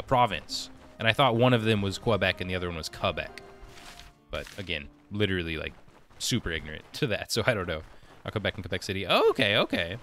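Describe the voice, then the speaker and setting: Man, gaming streamer, bright voice, lowish pitch, chatty chat-reading, faint game music. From United States. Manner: reads viewer comments aloud and answers them chattily. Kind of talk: casual live-stream chat while gaming.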